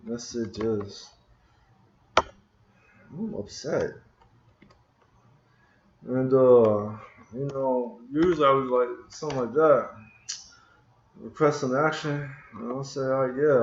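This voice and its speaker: A man's voice: medium pitch, echoey room, muffled recording, slight background noise. A man casually talking through code on his computer, muttering to himself in frustration as he searches for a missing tool. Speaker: programming screencast host. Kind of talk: casual live coding talk. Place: room at a computer. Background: keyboard typing and clicking.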